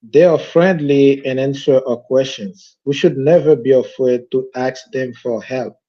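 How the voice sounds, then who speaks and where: A man's voice: mid-range voice, mellow. A male student speaking English hesitantly in a live online lesson, with a muffled call sound. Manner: hesitant, halting with fillers. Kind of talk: casual chat in a live lesson.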